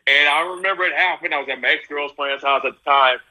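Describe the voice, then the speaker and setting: A man's voice: a little high, fast talker, rough recording. A middle-aged man chatting as a guest on a live video call, telling stories with laughter. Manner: animated, laughing storyteller. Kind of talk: casual chat.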